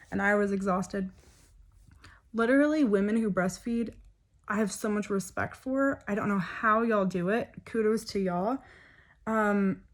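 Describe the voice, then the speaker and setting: A young woman talks straight to her viewers. She tells her story in an open, emotional way. Her speech is loose and full of fillers and side remarks. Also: mid-range voice. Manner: chatty, emotional, many fillers. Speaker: vlogger. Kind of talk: personal storytelling vlog.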